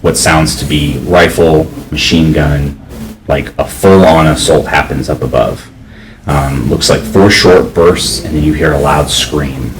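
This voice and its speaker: A man narrating as game master of a tabletop game, halting, with many fillers and restarts. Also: rumbling low, fairly even intonation, far from the mic, crowd noise, poor audio.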